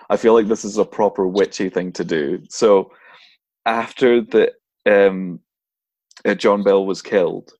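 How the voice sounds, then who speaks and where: A man's voice: on the low side, a little mellow, dry recording. A man co-hosting a podcast, casually telling a spooky folklore story, laughing often and putting on silly voices for the characters. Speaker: podcast co-host.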